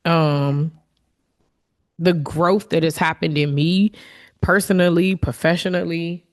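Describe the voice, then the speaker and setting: A woman's voice: lowish voice, steady tone, slow. A woman hosting her own podcast, talking candidly and from the heart in a reflective solo monologue, with fillers and restarts. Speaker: podcast host.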